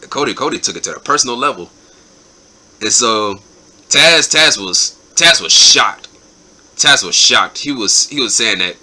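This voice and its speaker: A man's voice: fairly low pitch, normal speed, pushed and bright. A man hosting his own show, giving a casual, enthusiastic spoken recap and often repeating his words. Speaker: show host reviewing wrestling episodes.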